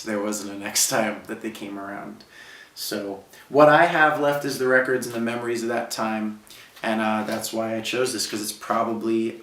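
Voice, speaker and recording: A man's voice: medium pitch, a bit bright, recorded from a distance, a little hiss or hum. Man, 30s, from Brooklyn, casual heartfelt storytelling, roomy echo, set back from the mic. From Brooklyn, New York. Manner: casual, heartfelt, heavy use of "like". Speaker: musician guest. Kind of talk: reflective personal storytelling. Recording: roomy sound, speaker away from mic.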